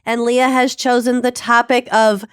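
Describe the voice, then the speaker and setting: A woman's voice: on the high side, little pitch movement, measured pace, clean tone, dry recording, studio quality. A woman with a Minnesotan accent co-hosting a podcast in giggly, chatty banter, getting over a flu. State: recovering from flu. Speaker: podcast co-host. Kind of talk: casual chat.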